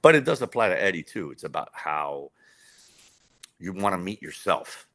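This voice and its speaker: A man's voice: deep voice, very animated, moderate pace, sharp tone. A man, a documentary director, telling a rambling story in an interview with lots of fillers and restarts. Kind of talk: casual conversational storytelling.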